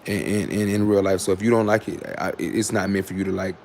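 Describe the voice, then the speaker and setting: A man talks straight to his livestream chat in a low, gravelly voice. He rambles and restarts, and his tone is sarcastic and candid. A faint noise sits under the recording. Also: fairly even intonation, quick pace. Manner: switches to loud scolding of commenters. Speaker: livestream host. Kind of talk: casual livestream talk to chat.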